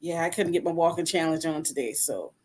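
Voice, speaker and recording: A woman's voice: low voice, fairly quick, darkish tone, slight background noise. A woman hosting a podcast interview, talking in an encouraging, folksy way and often checking in with her listeners. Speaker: podcast host.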